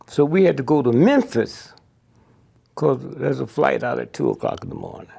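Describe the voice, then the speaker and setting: A man's voice: medium pitch, wildly swooping pitch, normal speed, mellow. An older man, telling stories bluntly and profanely in an interview, keeps asking "Huh?". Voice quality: gravelly and husky.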